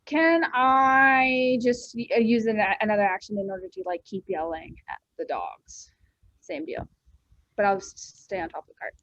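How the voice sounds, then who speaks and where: A woman's voice: mid-range voice, normal speed, fairly bright tone, no echo, lo-fi sound. A woman playing in a tabletop game, hesitantly asking rules questions. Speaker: player. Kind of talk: casual tabletop play.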